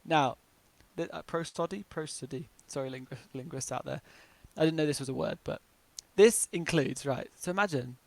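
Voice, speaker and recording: A man's voice: mid-range voice, moderate pace, gravelly, hardly any pauses, no echo. A man with a southern English accent chatting casually as a podcast co-host, full of "like" fillers. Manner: chatty, lots of "like" fillers, animated. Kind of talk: casual chat.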